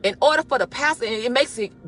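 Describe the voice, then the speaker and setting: A woman giving a lively, exhorting devotional while driving, recorded on a phone in her car. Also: on the high side, fast talker. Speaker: church member giving a devotional. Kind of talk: casual spoken devotional.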